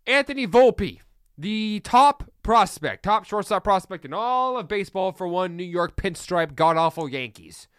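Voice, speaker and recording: A man's voice: sits high, fairly bright tone, clear, resonant tone, no echo, clean studio sound. A young man hosting a casual solo sports podcast, opinionated and ranting with heated outbursts.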